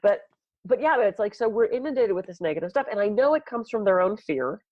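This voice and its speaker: A woman's voice: medium pitch, lively intonation, brisk, dry recording, lo-fi sound. A woman co-hosting a podcast in casual chat, telling stories animatedly and acting out the people she quotes. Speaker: podcast co-host, massage therapist.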